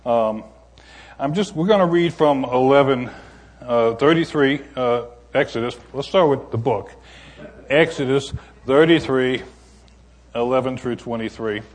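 An older man as a guest preacher, delivering a sermon in a folksy, unhurried way, telling stories with many pauses. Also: mid-range voice.

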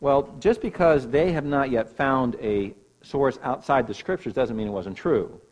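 A man's voice: medium pitch, measured pace, a little mellow, low-quality recording. A man preaching a sermon, explaining scripture with emphatic stresses. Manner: emphatic teaching with rising and falling emphasis. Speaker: pastor.

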